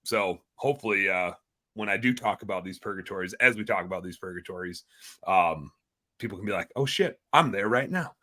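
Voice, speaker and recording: A man in his thirties, a guest entrepreneur on a podcast, talking in an energetic, excitable way and swearing casually. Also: low voice, fairly quick.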